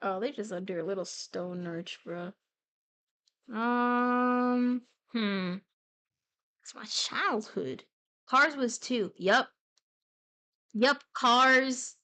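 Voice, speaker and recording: A young woman streams herself drawing and chats with viewers in a relaxed, unhurried way. Her voice sits a little high, and she drifts between idle musing and playful, excited outbursts. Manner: playful, rambling, animated bursts of excitement. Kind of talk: casual live-stream chat while drawing.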